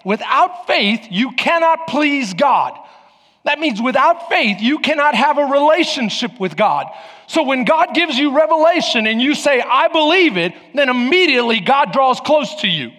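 A man preaching a sermon as pastor, emphatic and repetitive, with bursts of shouting and playful acted-out scenes. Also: very high voice, animated, normal speed, big-room sound. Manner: playful, acts out little scenes.

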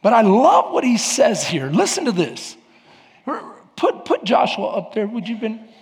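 A man preaching a sermon as pastor of a church, with emphatic rises and sudden shouts. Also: sits high, sing-song, measured pace, big-room sound. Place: church sanctuary.

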